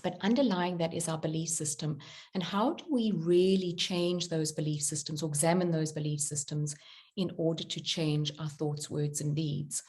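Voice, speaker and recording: Woman in her middle years giving a spiritual talk, lowish voice, chatty story with lots of ums and you knows. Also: moderate pace. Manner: animated storyteller, acts out quotes, many fillers. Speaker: spiritual author and workshop leader. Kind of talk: conversational talk with personal story.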